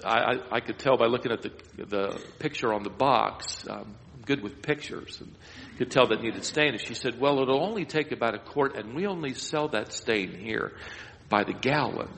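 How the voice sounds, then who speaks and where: A man's voice: mid-range voice, normal speed, vocal fry, a bit bright, slight background noise. A man telling a long, self-deprecating personal story in a sermon, with a rambling anecdotal manner. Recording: long hall reverb.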